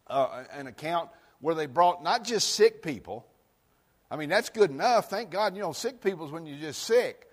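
A man preaching a sermon in a folksy way, moving from loud outbursts to quiet asides. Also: fairly high pitch, expressive, moderate pace, in a large hall. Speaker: pastor.

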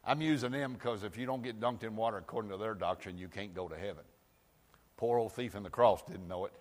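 A man preaching a sermon in a folksy way, moving from loud outbursts to quiet asides. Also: on the low side, quick pace, long reverb tail. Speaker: pastor.

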